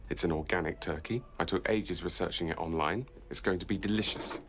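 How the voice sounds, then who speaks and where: A man's voice: low-pitched, fairly quick, a bit bright. An actor playing a hapless, laid-back man who talks casually, with a slight mumble. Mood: sheepish.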